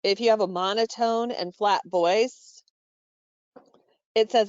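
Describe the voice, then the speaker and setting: A woman presenting a staff training call, instructive and steady, with frequent fillers and self-corrections. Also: medium pitch, unhurried, smooth, dry recording, lo-fi sound. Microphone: call microphone.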